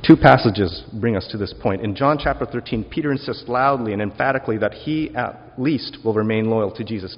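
Speaking a bit fast and seldom pausing, this male preacher has a lowish voice. He reflects conversationally during his sermon and poses rhetorical questions to the congregation. The recording is dull and lo-fi, and sound hangs in the hall with a long reverb.

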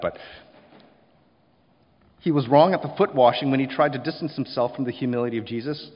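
A man's voice: mid-range voice, expressive, a little fast, pauses often, highs cut off. Man preaching in an echoey hall. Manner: preaching with acted quotes, sudden loud emphasis then dropping quiet. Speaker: pastor. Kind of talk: sermon.

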